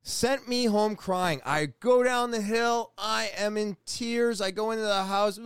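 A man in his forties from New England telling a personal story in a casual, profane, animated way, often restarting his sentences. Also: sits high, a little slow, few pauses, clear, resonant tone, dry recording, studio quality. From New England, USA. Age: 40s.

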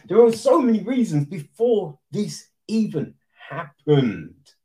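Man, casual rant, lively swooping pitch, slow deliberate delivery, swears freely. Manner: exasperated, swearing, rhetorical asides. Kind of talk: casual ranting commentary.

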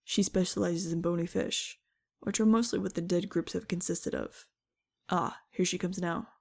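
A woman's voice: lowish voice, steady tone, moderate pace, creaky. A woman voicing a friendly male scientist who talks in a light, teasing way.

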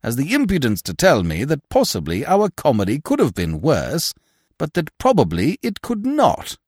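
A man's voice: medium pitch, huge pitch swings, normal speed, husky, no room sound, studio quality, pitched above the performer's own voice. A man voicing a pompous, portly male troupe leader who blusters and takes offence. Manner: blustering, indignant. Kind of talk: audiobook character voice.

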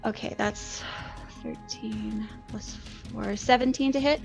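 A woman's voice: fairly high pitch, steady tone, slow, gravelly, darkish tone, soft background music. A woman playing a tabletop game, cheerful and giggly, fumbling a little with her sums. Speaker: player.

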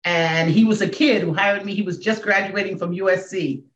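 Woman in her 60s, podcast guest, emphatic storytelling, sudden loud highs, roomy muffled sound. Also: fairly even intonation, normal speed, a little hiss or hum. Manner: emphatic, with sudden jumps up and down in pitch and volume. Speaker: guest, comedian and motivational speaker. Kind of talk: emotional storytelling in a podcast interview. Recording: echoey, dull room sound.

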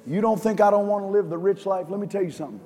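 A man preaching from a church stage, his voice sitting high for a man. He swings from urgent, near-shouted lines down to quiet, hushed ones. Long hall reverb trails each phrase, with music playing under him. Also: very fast. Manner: impassioned preaching, rising to near shouts then dropping low. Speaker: pastor. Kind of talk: sermon. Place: large church auditorium.

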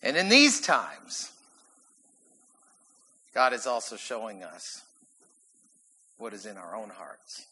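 A man preaching a sermon in an animated, emphatic way, often laughing as he goes. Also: fairly low pitch, slow, pauses often, slightly rough, poor audio. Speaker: pastor.

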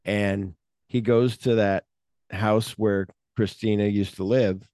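A man's voice: lowish voice, fairly even intonation, takes it slowly, dark tone, clean tone, no room sound, clean studio sound. A man co-hosting a casual film podcast, rambling and searching for names with lots of fillers. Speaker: podcast co-host.

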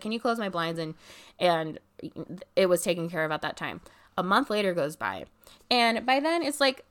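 A young woman with a slightly low voice tells a story about a neighbor in a casual, chatty way. She leans on "like" constantly and slips into what others said as she goes. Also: a bit bright. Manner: chatty, heavy use of "like", acts out quotes.

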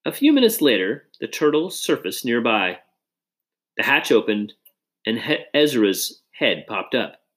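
A man reading a children's adventure story aloud in an expressive, dramatic way. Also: mid-range voice, a little slow. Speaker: audiobook reader. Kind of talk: storybook narration.

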